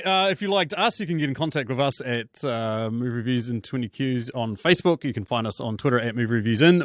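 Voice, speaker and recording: A man's voice: mid-range voice, a bit bright, no room sound. Aussie guy hosting a movie podcast, dry sound, jokey, does silly voices. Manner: laughs often, acts out lines in a mocking voice. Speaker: podcast host. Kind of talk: casual podcast chat.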